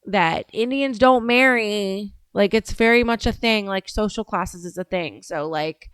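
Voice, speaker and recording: A woman's voice: mid-range voice, a little slow, a bit bright, smooth, dry recording, studio quality. A woman hosting a casual commentary show, rambling with many fillers and restarts as she reacts to a video.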